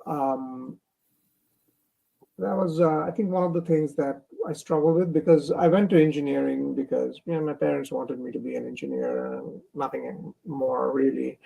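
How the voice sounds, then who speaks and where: A man's voice: mid-range voice, lively intonation, normal speed, vocal fry, dark tone, husky, low-quality recording. A young man from India, a comic artist, talking casually in an interview with many fillers and restarts over a remote stream call.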